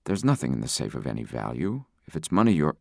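A man doing a wounded professor, gasping and gravelly. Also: a bass voice, sing-song, quick pace, a little mellow, no echo, studio quality, exaggerated voice. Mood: tense. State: in pain, short of breath. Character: wounded, frightened older male professor.

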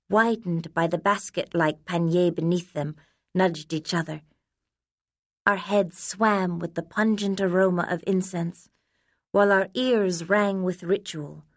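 Low-voiced woman reading a storybook. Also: dry recording, studio quality. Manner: measured, elegant storytelling. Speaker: audiobook narrator. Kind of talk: scripted first-person narration.

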